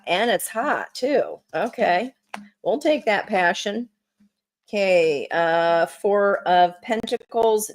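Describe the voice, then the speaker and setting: A woman reads tarot cards live for her viewers, and she talks at an unhurried pace. Her delivery is chatty and encouraging, full of small fillers as she works through each card. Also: on the low side. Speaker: tarot reader.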